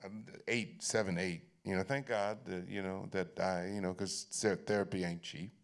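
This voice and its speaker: Gravelly low-voiced man telling stories. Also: normal speed. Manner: animated, laughing, repeats and restarts phrases. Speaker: guest at an onstage conversation. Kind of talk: candid personal storytelling. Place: library event stage.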